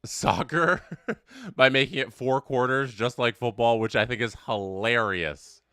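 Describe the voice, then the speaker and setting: With an unhurried pace and medium pitch, a young man gives live match commentary while hosting a casual watch-along. The recording is dry and studio quality. He chats with his viewers, reads their comments aloud, and bursts with excitement on big plays.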